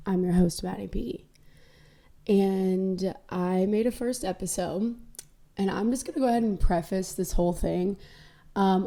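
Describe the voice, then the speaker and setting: A woman's voice: mid-range voice, mellow. A young woman hosting a casual solo podcast, rambling candidly between topics with self-deprecating jokes. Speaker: podcast host.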